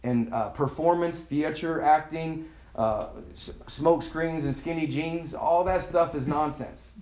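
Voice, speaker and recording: A male pastor preaching in a relaxed, chatty manner, calling on the listeners to say key words back to him. His voice sits a little high for a man. The recording has an echoey, roomy sound. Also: unhurried. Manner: conversational preaching, has the congregation repeat words. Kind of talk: sermon. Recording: echoey room.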